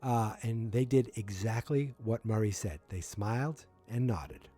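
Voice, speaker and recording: Chatty lower-voiced man recapping. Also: a little slow, dark tone, soft background music. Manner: chatty, rambling storyteller with asides. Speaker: podcast host. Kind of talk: casual episode recap.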